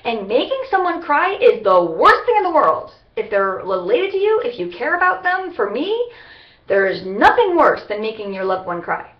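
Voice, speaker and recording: A woman talking to camera in a rambling personal vlog, halting and restarting often. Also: a little high, big pitch swings. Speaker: vlogger. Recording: roomy, dull lo-fi webcam sound.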